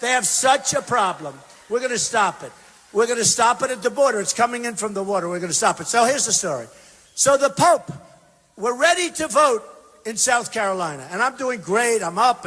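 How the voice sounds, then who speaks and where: A man giving a campaign rally speech, emphatic and repetitive, swinging between shouted bursts and quiet asides. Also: sits high, animated, a little fast, slightly rough. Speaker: political candidate speaking at a rally. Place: large university venue. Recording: long reverb from a big hall.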